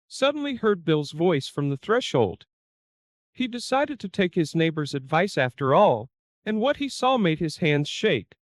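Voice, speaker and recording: Male narrator, high and lively pitch, dry close sound, steady scripted story reading. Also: normal speed, no room sound.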